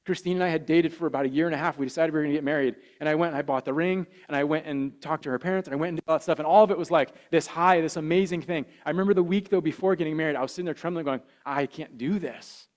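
A man, a pastor preaching a sermon with earnest repetition that swells louder on key phrases. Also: a little high, steady tone, rapid-fire, hardly any pauses. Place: church.

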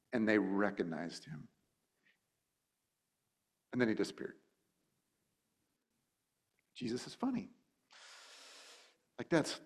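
Male pastor, casual teaching sermon, informal and restless delivery, slips into animated voices for quotes. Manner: informal, thinks aloud with frequent "like" and restarts; acts out quotes with sudden high, animated voices. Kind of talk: conversational sermon.

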